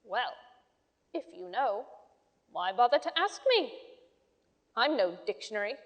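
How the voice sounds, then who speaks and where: A woman's voice: a little high, big pitch swings, unhurried. A woman voicing a prim, tight-lipped nanny who answers in a clipped, snippy way. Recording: long hall reverb.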